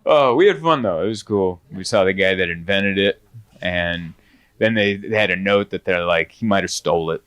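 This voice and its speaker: Bright-voiced rambling stand-up comedian. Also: male voice, deep voice, moderate pace, clear, resonant tone. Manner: rambling, animated storytelling with many fillers.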